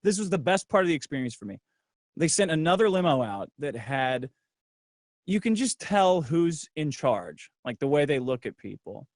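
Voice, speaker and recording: A middle-aged man telling a profane, brash story in casual livestream talk, acting out other people's lines in a lower voice. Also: sing-song, normal speed, no room sound, studio quality. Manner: acts out others' lines in a low voice. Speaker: guest.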